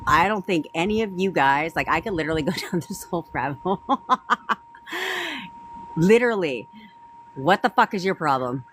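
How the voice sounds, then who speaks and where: A woman's voice: lowish voice, animated, normal speed, pauses often, a little hiss or hum, low-quality recording. A woman in her thirties, a manifestation coach, telling a petty personal story on a live stream, swearing freely and laughing.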